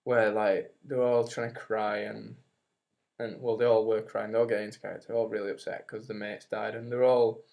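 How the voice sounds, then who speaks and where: A man's voice: lowish voice, level tone, a little fast, creaky, darkish tone. A young man, co-hosting a casual podcast on a webcam mic, telling a long rambling story full of "like" and the odd swear. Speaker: podcast co-host. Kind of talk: casual chat. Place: home, recorded on webcam. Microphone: webcam microphone.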